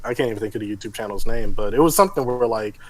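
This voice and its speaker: A man's voice: fairly low pitch, racing. A man co-hosting a podcast, chatting casually and acting out quotes, with lots of "like". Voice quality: animated, lots of "like" and acted-out quotes. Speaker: podcast co-host. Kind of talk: casual chat.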